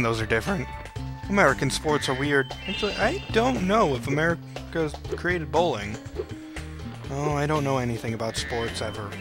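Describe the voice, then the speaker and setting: A young man casually commentating a video game playthrough, cracking goofy jokes to his viewers. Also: mid-range voice. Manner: goofy, joking asides to the viewer. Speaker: let's play host. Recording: game music playing underneath.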